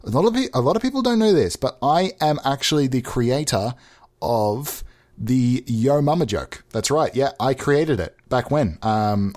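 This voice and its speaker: A man's voice: fairly low pitch, a little mellow. A man hosting a podcast, delivering a rambling, self-mocking comedic monologue into a microphone with mock sincerity. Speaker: podcast host.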